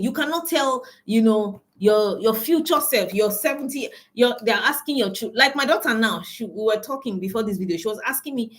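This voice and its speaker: Her voice is a little high as she coaches her business audience, calling them ladies and gentlemen. The talk is motivational and forceful, with phrases repeated to drive points home.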